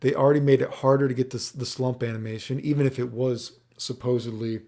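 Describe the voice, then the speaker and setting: Male commentator with a low, mellow voice and a rough fry, rambling through a frustrated gaming rant. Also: fairly even intonation, brisk. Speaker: fighting game commentator.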